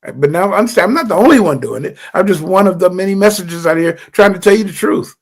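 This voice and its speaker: A man's voice: high-pitched, expressive, fast. A man hosting a livestream, speaking earnestly and directly to his followers, often repeating and restarting phrases. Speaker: livestream host. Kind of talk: impassioned livestream address to followers.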